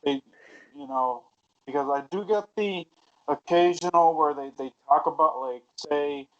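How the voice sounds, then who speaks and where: Male co-host, a bit high-pitched, quiet and halting, muffled lo-fi audio. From Hispanic family. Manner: soft-spoken, halting with fillers. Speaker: podcast co-host. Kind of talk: casual chat. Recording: dull lo-fi sound.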